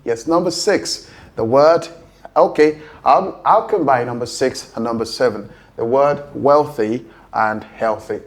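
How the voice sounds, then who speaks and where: A man with a Nigerian English accent teaching a pronunciation lesson. He explains patiently and slows down to model each word. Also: mid-range voice.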